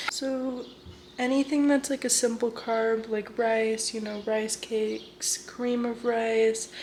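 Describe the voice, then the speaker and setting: Gravelly young woman, candid vlogger. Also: on the high side, a little mellow, a little hiss or hum. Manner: candid, swears freely, quotes others. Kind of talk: casual vlog chat. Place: at home, then at a gym.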